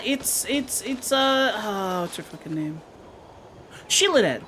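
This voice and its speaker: A woman streaming a game, chatting casually with her viewers in an excitable, talkative way and swearing now and then. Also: mid-range voice, slow, a little hiss or hum.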